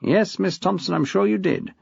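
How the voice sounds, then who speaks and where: Male reader does a smug, testy head teacher, husky and dry-sounding. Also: high voice, moderate pace, darkish tone, no echo, pitched above the performer's own voice, exaggerated voice. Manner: smug, acid. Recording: dull dry lo-fi recording.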